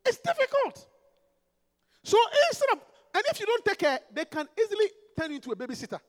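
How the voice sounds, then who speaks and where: A man, a pastor preaching an emphatic, animated sermon full of rhetorical questions. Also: very high voice, quick pace, big-room sound.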